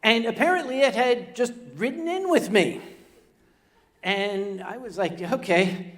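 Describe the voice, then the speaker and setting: An older man with a notably high voice tells a funny tale live on stage before a convention crowd. He stumbles over his words, repeats himself and breaks off for joking asides to the audience. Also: unhurried, a bit bright. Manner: comic, stammering, chatty asides to the audience. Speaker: storyteller.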